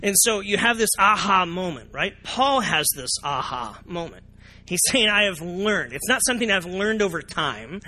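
A man preaches a sermon from the front of a church. His voice sits a little high and sounds bright and forward. He keeps things lively, putting questions to the congregation and acting out their reactions. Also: normal speed. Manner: animated, asks the congregation questions, acts out reactions. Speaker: pastor. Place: church sanctuary.

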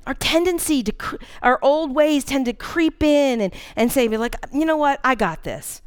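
A woman's voice: high voice, expressive, moderate pace. A woman in her forties preaching a sermon, earnest and candid, telling a personal story with dramatic emphasis. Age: 40s.

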